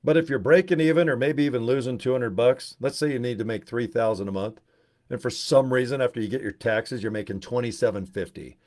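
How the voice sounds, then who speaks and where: A man rambling and joking on a livestream, swearing freely and telling animated stories. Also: medium pitch, fairly quick. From Utah. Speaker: network marketing presenter.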